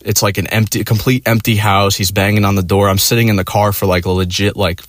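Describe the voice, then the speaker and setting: Talking fast in a voice on the low side, a man spins a rambling, profane story in casual conversation, leaning on "like" and "you know." He animatedly performs his friends' quotes. The recording is dry with clean studio sound.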